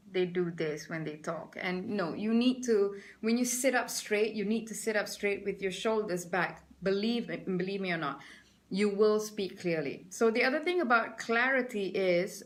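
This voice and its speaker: A middle-aged woman with a Malaysian accent, a presentation skills trainer giving a lively webinar lecture and stopping to greet viewers by name. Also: medium pitch.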